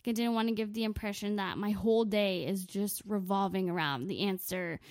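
A woman's voice: mid-range voice, steady tone, fairly quick, a little mellow, no room sound. A woman telling a comic story in a profane, sarcastic, self-mocking way. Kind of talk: comedic storytelling monologue.

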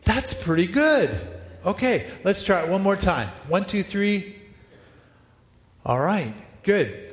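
A male pastor leading an interactive Bible story for his church, upbeat and playful as he directs the congregation. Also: fairly high pitch. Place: large church hall. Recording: echoey hall, long reverb.

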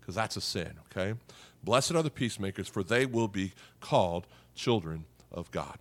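A middle-aged man preaching a sermon as a pastor, talking conversationally, often tagging points with "okay?" and "right?", and going soft and quiet on serious points. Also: low-pitched, animated, normal speed. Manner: drops softly on serious points.

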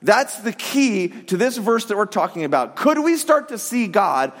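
A middle-aged pastor with a high voice preaches to his congregation, talking as if chatting with friends and acting out little quotes in his stories. His voice carries a long reverb from the hall around him. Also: normal speed. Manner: conversational, animated storytelling with acted quotes. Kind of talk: sermon.

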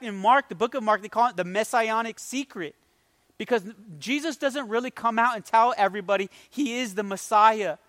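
A man's voice: high voice, sharp tone, dry recording. A man preaching an emotional, conversational sermon, rising with emphasis. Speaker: pastor.

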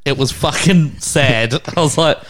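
With a slightly high voice and an unhurried pace, an Australian man in his thirties co-hosts a laid-back podcast. He tells crude stories, laughing, and voices the characters in them.

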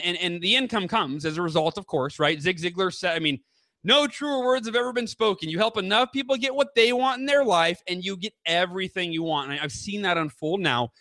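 Author guest, male, upbeat rambling storyteller, high-pitched and bright. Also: no room sound. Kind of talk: casual interview chat.

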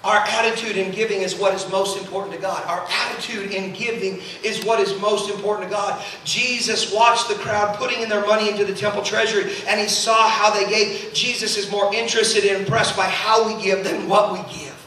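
A man preaching a storytelling sermon as a traveling youth preacher, animated and acting out the voices he quotes. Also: high-pitched, a little hiss or hum. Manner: animated, acts out quoted voices, quick asides. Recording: echoey hall, mic at a distance.

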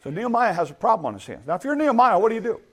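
A middle-aged male pastor delivering a sermon in a loose, conversational manner. His voice sits somewhat high, and he keeps turning to his listeners with rhetorical questions. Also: very animated, racing.

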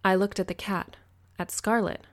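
A woman narrating an audiobook in the first person, in an even, measured reading. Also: medium pitch.

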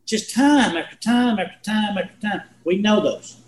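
A man's voice: high-pitched, normal speed, a little hiss or hum. Folksy man teaching Bible study. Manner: folksy, rambling storyteller. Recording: echoey room.

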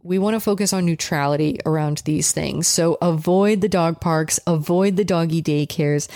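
A woman's voice: low voice, mellow, no echo, studio quality. A woman dog trainer giving casual advice in a frank, direct, conversational way.

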